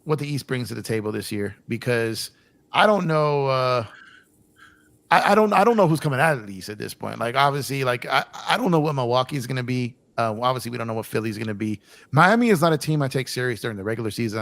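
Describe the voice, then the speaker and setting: A man's voice: mid-range voice, expressive, fast talker, gravelly, fairly bright tone, no echo. Man, podcast host, casual sports talk, rambling, repeats himself, swears. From United States. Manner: rambling, repeats words, swears, laughs a lot.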